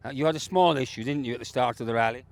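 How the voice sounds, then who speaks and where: Speaking very fast in a creaky, mid-range voice, a man hosts roving interviews outside at a rally stage in the rain. His manner is jolly, effusive, and playfully teasing.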